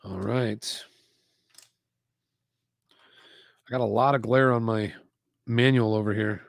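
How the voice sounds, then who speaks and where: A man's voice: lowish voice, steady tone, slow pace, creaky, dry recording, studio quality. A man hosting a casual live stream while building a toy set, chatting loosely and reading out viewer comments. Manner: chatty, rambling, reads chat aloud. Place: home desk setup with screens.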